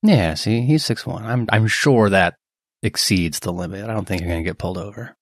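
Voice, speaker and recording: A man narrating as game master, measured and wry. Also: fairly low pitch, no room sound, clean studio sound.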